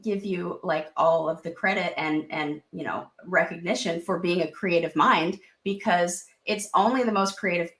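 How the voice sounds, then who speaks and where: A lowish-voiced woman talks at a moderate pace with few pauses and a slightly bright tone, and the sound is roomy. She's a licensed marriage and family therapist in her thirties, a casual podcast guest who acts out quoted inner voices and sometimes curses.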